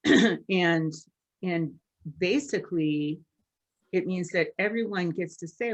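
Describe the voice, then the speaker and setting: Animated woman, quick bursts. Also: on the low side, low-quality recording. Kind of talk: casual podcast conversation.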